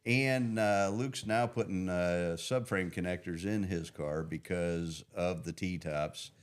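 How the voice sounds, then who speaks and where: Hombre grave que habla fuerte. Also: male voice, low voice, slow, clean tone. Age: middle-aged. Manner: loud, laughs often, rambling. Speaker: engine builder and shop owner. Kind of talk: casual podcast chat.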